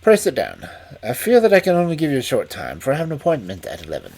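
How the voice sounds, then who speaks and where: A man reading aloud and voicing a calm, shrewd Victorian male detective who speaks in a dry, deliberate way. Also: medium pitch, breathy edge, exaggerated voice.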